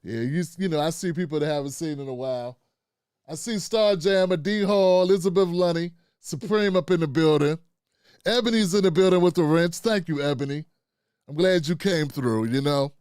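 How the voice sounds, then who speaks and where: A man's voice: a little high, moderate pace, a little mellow, clean tone, dry recording, clean studio sound. A middle-aged man, hosting a casual live stream, loose and chatty and calling out to his viewers. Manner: loose and chatty, talks to chat and producer, frequent "man" and "fam". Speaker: live-stream show host.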